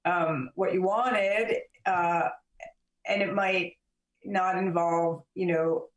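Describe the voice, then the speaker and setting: A woman author and journalist, a guest in an interview, giving long, measured explanations with frequent fillers. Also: on the low side, steady tone. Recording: roomy and distant from the mic.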